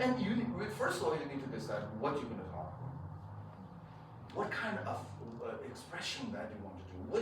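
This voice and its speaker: A man teaching a piano masterclass, coaching a student with emphatic, halting phrases and frequent restarts. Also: medium pitch, noisy background. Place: piano studio room. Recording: roomy echo from far off. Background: piano playing.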